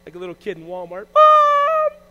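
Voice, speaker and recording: A man preaching a sermon as pastor, animated, swinging between loud exclamations and hushed asides. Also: sits high, a little fast, lo-fi sound.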